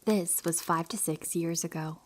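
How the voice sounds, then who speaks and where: A young woman calmly reading true horror stories aloud for sleep, slipping into hushed, whispery stretches. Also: lowish voice, moderate pace. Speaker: narrator reading listener stories. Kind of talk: soft scripted storytelling for sleep.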